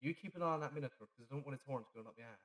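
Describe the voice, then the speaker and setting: A man's voice: mid-range voice, very fast, fairly bright tone, rough recording. A man playing a tabletop game in character, blunt and swearing freely. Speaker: player.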